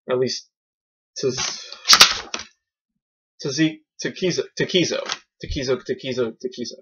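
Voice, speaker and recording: A man rambles through a film review with goofy excitement, tripping over himself and restarting sentences. His voice sits at an ordinary middle pitch. The recording sounds dull and lo-fi.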